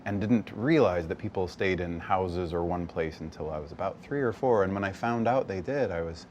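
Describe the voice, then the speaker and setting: A young man from the US West Coast, an actor chatting casually in an interview, animated and laughing often. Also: low voice, moderate pace, slight background noise. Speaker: actor guest. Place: bar.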